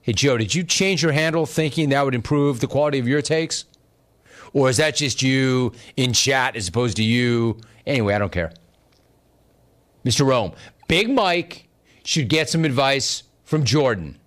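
Reading chat on his sports talk show, the host often breaks into laughter, keeping things casual and sarcastic. He speaks at a moderate pace in an expressive, medium-pitched, slightly bright voice.

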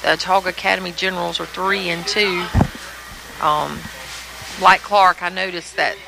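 A woman's voice: on the low side, creaky, pushed and bright. A woman on a sports talk panel, laying out her picks in a methodical, analytical way. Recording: noisy room ambience.

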